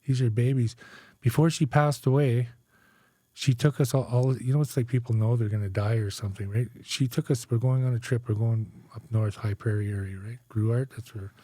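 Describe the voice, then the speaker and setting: A man's voice: mid-range voice, steady tone, normal speed, warm tone, no echo. A man in his forties from Canada, a guest telling his life story in a candid interview, tagging his sentences with "right?" and "eh?". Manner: conversational, frequent "right?" and "eh?" tags.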